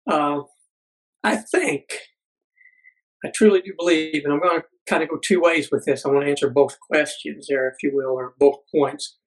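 A middle-aged man, a podcast guest, telling a personal story earnestly, halting with many fillers. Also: fairly high pitch, steady tone, low-quality recording.

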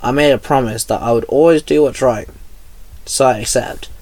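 A reluctant young hero who snaps and grumbles at everyone around him, as a man reads him. His voice stays mid-pitched and everyday. The sound is dry. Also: moderate pace, darkish tone, no room sound, close to an everyday voice. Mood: irritable. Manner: irritable, snappy.

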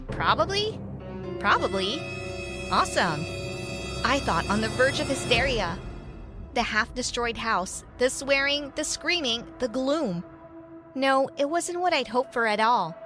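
A woman narrating a first-person story in an animated way, acting out the characters' lines. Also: fairly high pitch. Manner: animated, voices characters in quotes. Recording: soft music behind.

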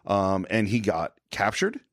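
Brief: man, film podcast co-host, casual animated recap, lowish voice, dry close recording. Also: measured pace, no echo. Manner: animated, retells scenes. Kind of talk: casual film review chat.

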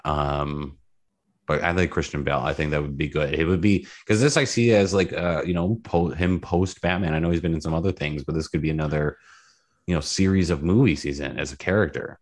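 A man co-hosting a podcast in playful casual chat, his voice jumping up on emphasis. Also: brisk. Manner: playful, jumps up in pitch on emphasis. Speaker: podcast co-host.

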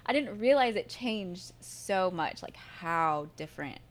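A woman's voice: on the low side, measured pace. Laughing woman with a Southern Oklahoma accent. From Michigan. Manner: laughs often, animated storytelling. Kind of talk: casual chat.

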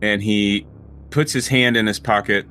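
Bright-voiced man as game master. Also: on the low side, fairly even intonation, measured pace. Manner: prompting questions, laid back. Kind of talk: narrating a tabletop game.

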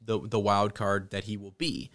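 A man's voice: fairly low pitch, flat delivery, fairly bright tone. Rambling man discussing a fantasy book. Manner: rambling, halting restarts, laughing asides. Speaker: podcast host. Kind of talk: casual book discussion with read-aloud passages.

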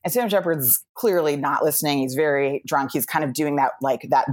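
A woman from New York tells a story in a chatty, casual way, with frequent laughs between her phrases. Her voice sits low for a woman. She speaks as a comedy podcast guest over a remote call. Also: a little fast, a little mellow. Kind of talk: casual anecdote telling. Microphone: remote video call.

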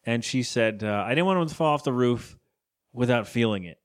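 A man's voice: medium pitch, animated, fairly quick. A man co-hosting a podcast, chatting casually as he recaps a cartoon episode, rambling and laughing often. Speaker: podcast co-host.

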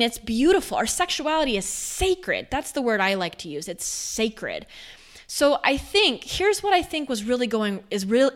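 A woman speaking candidly and reflectively in a personal storytelling monologue, her loudness rising and falling as she goes. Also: medium pitch. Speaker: speaker on faith and sexuality.

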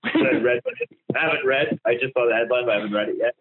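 A man's voice: mid-range voice, racing, breathy edge, narrow, tinny audio. A man co-hosting a podcast, chatting casually, hesitant and giggly, with lots of ums. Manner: giggly, hesitant, full of fillers. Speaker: podcast co-host. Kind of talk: casual chat.

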